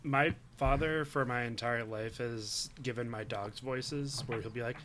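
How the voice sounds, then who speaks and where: A man's voice: mid-range voice, a little slow, fairly bright tone, slight background noise. A man co-hosting a podcast, telling a wry story in casual chat. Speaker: podcast co-host.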